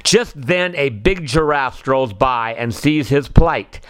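A man narrating a children's storybook in a calm, expressive reading style. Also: medium pitch, takes it slowly, smooth, dry recording.

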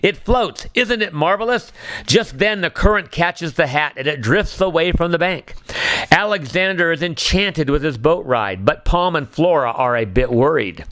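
A man narrating a children's storybook in a calm, expressive reading style. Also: a little high, normal speed, no room sound.

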